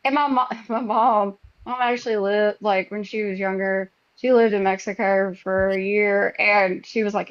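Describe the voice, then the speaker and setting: A middle-aged woman hosting a podcast, telling stories in a casual, animated way and acting out her own past reactions. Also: mid-range voice, normal speed, few pauses, no room sound. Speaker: podcast host. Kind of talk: casual chat. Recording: dull, dry lo-fi sound.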